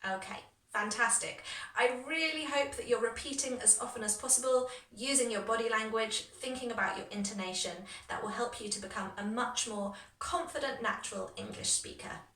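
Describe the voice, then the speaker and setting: A woman leads an English lesson in a bright, slightly high voice, modeling each phrase with clear, exaggerated rises in pitch for learners to repeat. She keeps up a stream of encouragement between the examples. The recording sounds echoey, with her voice set back from the microphone. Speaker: English teacher. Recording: echoey room from a distance.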